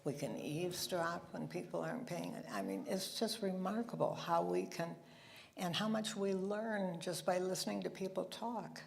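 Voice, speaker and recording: A woman's voice: fairly low pitch, moderate pace, creaky. A woman giving a chatty, anecdotal talk to a church congregation, with asides and laughter, in a meeting room with a live audience. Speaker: guest speaker at a church service.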